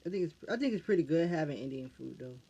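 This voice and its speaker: A man's voice: fairly high pitch, animated, vocal fry, warm tone, breathy edge. An American man answering fan questions in a casual vlog, stumbling and restarting his phrases again and again. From United States. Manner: halting, restarts phrases over and over. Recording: dull lo-fi recording.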